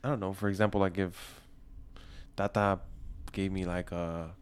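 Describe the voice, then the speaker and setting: A man in casual chat, talking haltingly with many fillers and restarts. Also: low voice, level tone, clear, resonant tone.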